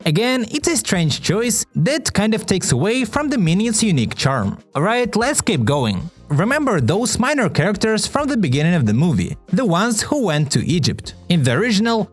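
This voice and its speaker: A man with a high voice narrates a scripted video essay, swooping widely in pitch as he goes. He sounds wry and conversational, and soft background music sits under his words. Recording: light music bed behind voice.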